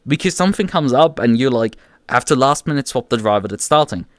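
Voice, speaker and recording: A man ranting on his live stream, exasperated and swearing, tripping over his own restarts. His pitch jumps around a lot as he vents. The sound is close and dry with no room echo. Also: lively intonation, brisk. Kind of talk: casual livestream rant.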